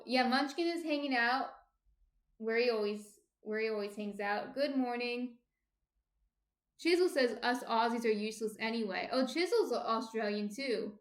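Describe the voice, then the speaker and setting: In her home kitchen, a New Jersey woman hosts a baking livestream, chatting casually and reading out viewer comments. Her voice runs on the high side with reverb, and her talk rambles, full of fillers and restarts.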